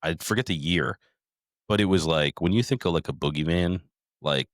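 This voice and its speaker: Middle-aged male podcast host, deep voice, dry close mic, profane rambling storyteller. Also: moderate pace, no room sound. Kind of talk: casual recap chat.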